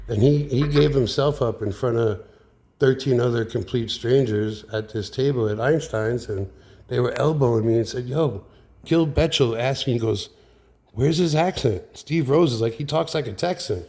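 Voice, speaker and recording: A man's voice: fairly low pitch, a little mellow. A man in a heated, profane, rambling rant as he vlogs about radio troubles, with many fillers. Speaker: radio hobbyist vlogger. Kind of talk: angry ranting monologue. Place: recorded with a handheld radio nearby.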